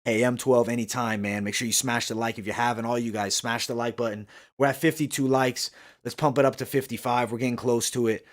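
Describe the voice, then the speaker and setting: A man hosting a live fight-night stream, chatting with viewers and ranting heatedly about the judging, with lots of swearing. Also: mid-range voice. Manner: reads and answers viewer comments. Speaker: livestream host. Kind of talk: live fight commentary chat.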